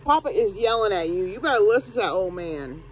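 A woman's voice: mid-range voice, expressive, fast, a little hiss or hum. A woman, scolding her dogs in a playful, exasperated way at bedtime at home. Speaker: pet owner. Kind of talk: home video vlog.

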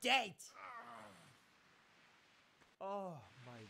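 A man giving excitable let's-play commentary while he plays, exclaiming and swearing often. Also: high-pitched, extremely slow, a little hiss or hum. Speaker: gaming YouTuber.

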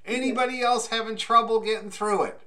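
A man's voice: very high-pitched, steady tone, a little fast, pushed and bright. A man teaching a group fiddle class in a casual, encouraging way, with plenty of "you know" and "like".

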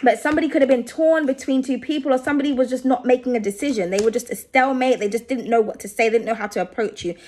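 A woman's voice: on the high side, racing, hardly any pauses, a little mellow, a little hiss or hum. A woman giving a casual tarot reading to her viewers, chatty and reassuring, often checking in with "okay?". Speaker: tarot reader.

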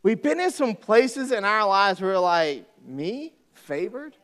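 A man preaching a sermon as pastor, folksy and joking, with animated storytelling. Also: high voice, moderate pace, clear, resonant tone.

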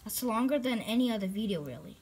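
A woman giving excitable live gameplay commentary as a channel host, reacting loudly and dropping to whispers when sneaking. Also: fairly high pitch, quick pace, slight background noise.

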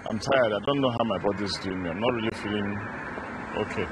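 An actor with a Nigerian accent playing a weary, unwell shop owner giving instructions before going home. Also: male voice, on the low side, fast, close to an everyday voice. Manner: weary, tired-sounding. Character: tired, unwell middle-aged shopkeeper. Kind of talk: film drama acting. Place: outdoors by a shop. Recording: outdoor film scene with street noise. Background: street and vehicle noise.

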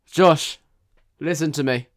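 A man's voice: on the high side, slow pace, no echo. A young man chatting jokily to his viewers while commentating a live game stream. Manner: chatty, jokey, talks to viewers.

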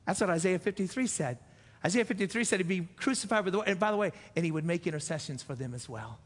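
A man's voice: on the high side, fast. A man preaching a sermon as pastor, earnest and repeating phrases for emphasis. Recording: echoey church hall.

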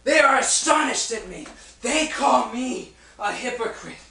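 Job, an afflicted man crying out in anguish, played by a man in a stage play. The voice is slow and bright, heard from far off in an echoey room with faint noise. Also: very high-pitched, lively intonation, full character voice. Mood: pleading.

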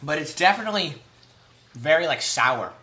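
Young guy rambling about pie, bright tense voice, pitch a bit high. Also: normal speed, reverberant. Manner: rambling, filler-heavy, animated. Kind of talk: casual family chat.

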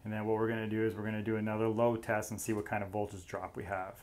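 A man's voice: fairly low pitch, level tone, quick pace, a little mellow. A man, an electrician giving a casual, chatty tool demonstration indoors in an old house and explaining each step.

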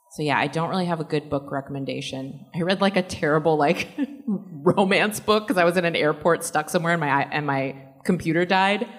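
A woman answering fan questions at a convention panel in a casual, rambling way, laughing often. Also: deep voice. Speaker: panel guest actor.

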